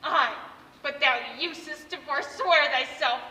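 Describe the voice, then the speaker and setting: A woman's voice: high-pitched, a little slow, sharp tone. A woman playing a grief-stricken, furious deposed queen on stage, cursing her enemies in anguished verse, heard from afar in an echoing theatre. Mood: pleading. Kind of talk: stage acting of verse drama. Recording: echoey hall from far off.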